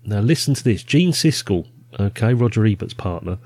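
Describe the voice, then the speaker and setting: A man hosting a casual chat, leading a list and talking in a relaxed, chatty way. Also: fairly low pitch, moderate pace, no room sound. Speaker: podcast host.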